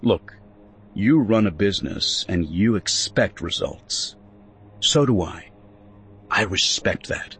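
A man's voice: on the low side, lively intonation, slow, a bit bright, slight background noise. A man voicing an earnest, slightly awkward young settler who argues and pleads his case in a spoken story. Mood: persuasive.

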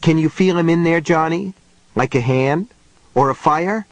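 A man's voice: on the high side, unhurried, no echo, voice pushed up. A man voicing a distraught young boy in an audiobook, screaming and pleading in a frenzy. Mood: intense questioning. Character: distraught young boy, frantic and grief-stricken.

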